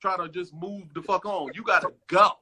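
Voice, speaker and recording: A man guest in a casual interview, telling stories in a profane, animated way and acting out what others said, over a phone video call. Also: high voice, normal speed, background noise. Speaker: actor guest.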